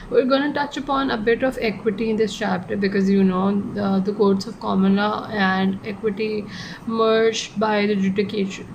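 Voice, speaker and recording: A woman giving a casual online law lecture, talking in a chatty, digressive way, often correcting herself and adding joking asides. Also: medium pitch. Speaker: law tutor. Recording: clear background noise.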